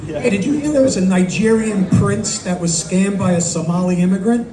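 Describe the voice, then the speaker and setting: An older man from Brooklyn, New York, with a New York Italian accent, does wisecracking, self-deprecating open mic stand-up in a small bar. His voice is high and brisk, picked up by a distant mic in a roomy space with crowd noise and faint ambience.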